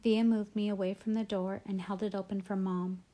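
A woman reading a children's novel aloud in a gentle, emotional storytelling manner. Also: mid-range voice, level tone, normal speed. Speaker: audiobook narrator. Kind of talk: audiobook reading.

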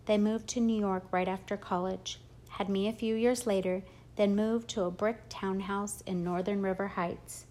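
A woman reading a first-person audiobook in a steady, plain storytelling manner. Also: medium pitch, normal speed, few pauses. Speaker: audiobook narrator.

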